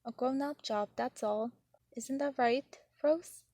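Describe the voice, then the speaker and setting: A woman's voice: fairly high pitch, slow, darkish tone, no echo. A woman reading as a firm, caring mother. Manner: firm, pointed. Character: strict but caring middle-aged mother. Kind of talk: storybook reading.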